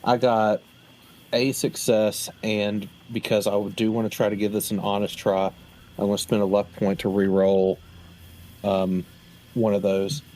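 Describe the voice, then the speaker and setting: A man speaks in character at a tabletop game, measured and formal with frequent pauses and fillers. His voice sits fairly low. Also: flat delivery, dark tone. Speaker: player.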